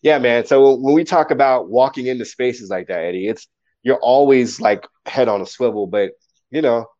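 Male poet guest, lively casual storyteller, swears freely, mid-pitched voice, muffled lo-fi sound. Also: normal speed. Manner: animated, acts out quotes, swears casually.

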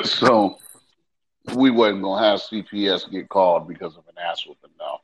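A man with a low voice, co-hosting a casual podcast chat. He tells loose, profane stories and sometimes acts out the other people in them. The recording sounds dull and lo-fi. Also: normal speed, vocal fry, breathy edge. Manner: loose, profane storytelling with animated retellings. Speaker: podcast co-host.

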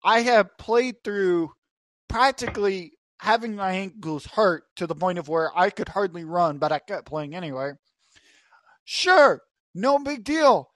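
A man hosting a casual sports podcast, telling stories in an animated way and laughing often. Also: high-pitched, dry recording. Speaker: podcast host. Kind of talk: casual chat.

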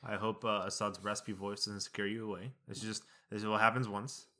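A young man co-hosts a casual podcast and drops quick, jokey asides. His voice sits fairly low yet sounds bright and forceful. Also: steady tone. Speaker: podcast co-host. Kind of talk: casual chat.

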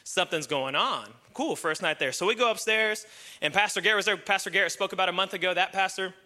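A young male pastor preaching with a bright, forceful, high-set voice. He tells stories animatedly, cracks jokes and slips into excited impressions of the people in them. His tone stays lively and casual even as he gives application. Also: fast. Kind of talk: sermon with storytelling.

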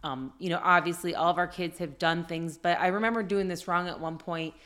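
Mom chatting on a podcast, earnest and heartfelt, kinda low voice for a woman. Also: a little fast, a bit bright. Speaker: podcast co-host. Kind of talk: casual chat.

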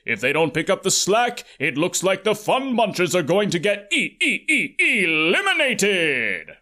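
A narrator voicing a showy male game show announcer in an audiobook, with a drawn-out, stammering announcer delivery. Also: mid-range voice, sing-song, sharp tone. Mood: gloating. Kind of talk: audiobook character voice.

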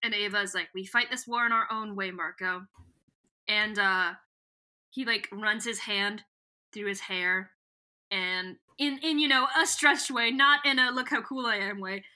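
Bright, giggly young woman podcaster. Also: medium pitch, a little slow. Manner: giggly, reads quoted lines in a loose, storytelling way. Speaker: podcast co-host. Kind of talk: casual chat retelling a book.

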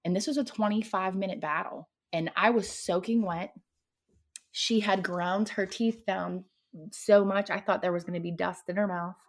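A woman's voice: medium pitch, fairly even intonation, moderate pace. A woman guest on a podcast, telling a personal paranormal story in a dramatic, vivid way.

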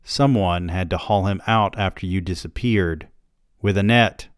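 A man voicing a sharp, sarcastic wife who answers in biting, clipped retorts. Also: low voice, measured pace, smooth, no room sound, studio quality. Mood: accusing.

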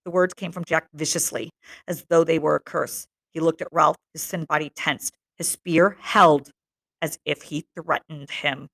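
A woman's voice: deep voice, measured pace, gravelly, a bit bright. Woman teacher reading a novel aloud.

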